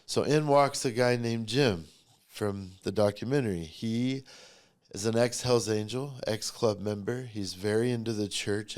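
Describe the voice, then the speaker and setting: A man's voice: mid-range voice, darkish tone, clean tone. A middle-aged man, a podcast guest, telling his personal story in a blunt, profane and emotionally charged way.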